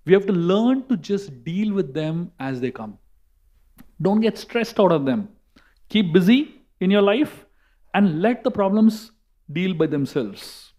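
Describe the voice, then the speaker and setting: A man with an Indian English accent giving a sermon, telling a story in a lively way with emphatic repetition. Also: on the high side, lo-fi sound. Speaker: monk and speaker.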